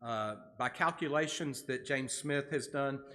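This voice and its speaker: A man's voice: medium pitch, unhurried, fairly bright tone. A man leading a Bible study in a church, reading scripture aloud and then explaining it in a casual way with fillers and restarts.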